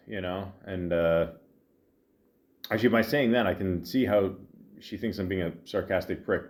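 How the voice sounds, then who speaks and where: A man's voice: low-pitched, moderate pace. Tired man rambling on a podcast. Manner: meandering, full of fillers and restarts, deadpan asides. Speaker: podcast host. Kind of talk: rambling comedic monologue.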